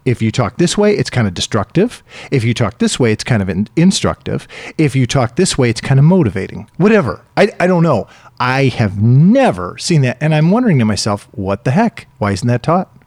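A man's voice: mid-range voice, big pitch swings, fairly quick, few pauses, a little mellow, no echo. A man hosting a casual podcast chat, talking in a playful way and reading quotes aloud. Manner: chatty, reads quotes aloud, playful asides. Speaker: podcast host.

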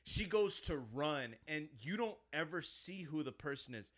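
A man's voice: fairly high pitch, normal speed. A man in casual chat, retelling a horror film scene by scene, acting out the lines and swearing freely. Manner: animated storyteller, acts out quotes, swears often.

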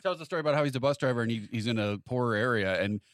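A man chats on a podcast, rattling through a long anecdote at a quick clip. He slips in and out of the voices of the people he quotes. The sound is close and dry, with no room around it. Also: medium pitch, dry recording. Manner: animated storyteller acting out quoted voices. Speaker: podcast co-host. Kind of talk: casual chat.

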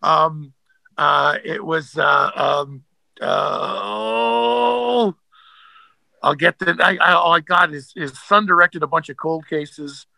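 Bright, gravelly man telling stories. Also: on the high side, lively intonation, takes it slowly, no echo, poor audio. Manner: rambling, many fillers and restarts. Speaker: actor guest. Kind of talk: casual interview storytelling.

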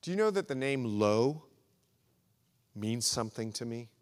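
A man's voice: medium pitch, animated, a little slow, a little mellow, clear, resonant tone. A man preaching a sermon as pastor, emphatic and repetitive, swelling and dropping in intensity. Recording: echoey hall recording.

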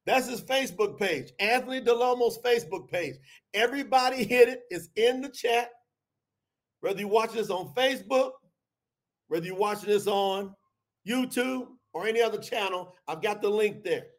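High-voiced fervent male preacher. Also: moderate pace. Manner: fervent preaching, shouting out at peaks. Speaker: podcast host and preacher. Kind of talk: livestreamed scripture talk.

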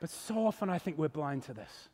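A male pastor preaching an earnest, emphatic sermon. His voice is high for a man and rings out with a long hall reverb. He leans hard on key words. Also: very animated, fairly quick, a little mellow, some chatter behind, slight background noise. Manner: earnest, emphatic, rising and falling. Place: church.

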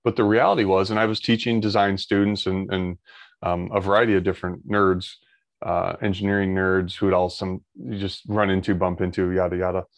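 A man's voice: deep voice, flat delivery, fairly quick, dry recording. A man, talking in a casual podcast chat, rambling with many restarts. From Ohio, United States. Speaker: guest.

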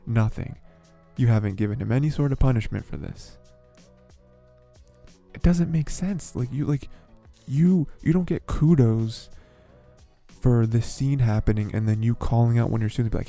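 Rambling young man with gravelly dark voice. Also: mid-range voice, moderate pace, soft background music. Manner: rambling, filler-heavy, exasperated. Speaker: podcast host. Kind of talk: casual commentary.

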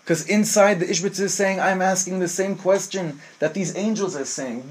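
Husky, impassioned man teaching Torah. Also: high-pitched, moderate pace, few pauses. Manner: impassioned, mixes Hebrew phrases, acts out angel voices. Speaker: rabbi teaching. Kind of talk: Torah class sermon.

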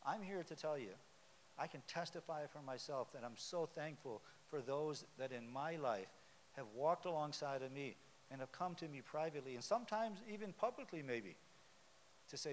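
A man's voice: a little high, animated, moderate pace. A man preaching a sermon in a church sanctuary, talking conversationally and quizzing the congregation with questions. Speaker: pastor. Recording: long hall reverb with faint hiss.

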